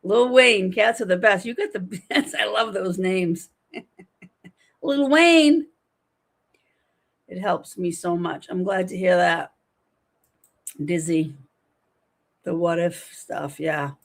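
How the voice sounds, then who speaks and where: A woman's voice: lowish voice, steady tone, slow pace, gravelly. A woman in her fifties hosting a casual livestream from home, chatting animatedly and reading viewer comments aloud. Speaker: livestream host.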